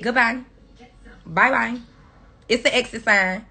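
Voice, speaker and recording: A woman's voice: mid-range voice, brisk, sharp tone, slightly rough. A woman on a phone livestream, delivering a profane, confrontational scolding rant at her viewers. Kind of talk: angry rant on a social media livestream.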